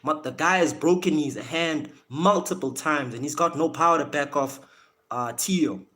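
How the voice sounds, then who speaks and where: A man's voice: fairly high pitch, moderate pace, sharp tone. A man from Africa, casually talking boxing on a live stream and repeating words as he restarts his sentences. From South Africa.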